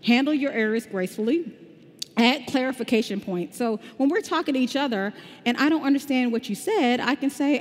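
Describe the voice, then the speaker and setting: A woman's voice: on the high side, animated, fairly quick. A woman from the American South with a slight Southern drawl, giving an upbeat, conversational tech conference talk. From Southern United States. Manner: upbeat, conversational, explaining step by step. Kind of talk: conference talk with live demo. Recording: long hall reverb.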